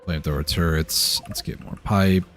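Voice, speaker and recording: A deep-voiced man streams a game at a moderate pace, chatting casually to himself. He stays relaxed and mutters as he plays, with soft background music in the mix.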